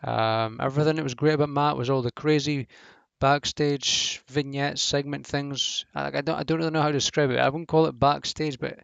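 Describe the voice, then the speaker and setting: A man's voice: medium pitch, level tone, fairly quick, gravelly, hardly any pauses, fairly bright tone, clear, resonant tone, no room sound, highs cut off. A man giving a casual, rambling review of a wrestling show, blunt and swearing freely, with lots of fillers.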